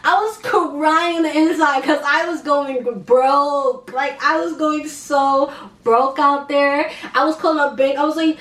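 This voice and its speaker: A young woman vlogger telling a casual storytime, slangy and animated, laughing as she goes. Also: sits high, a little slow, reverberant, distant mic. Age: young adult.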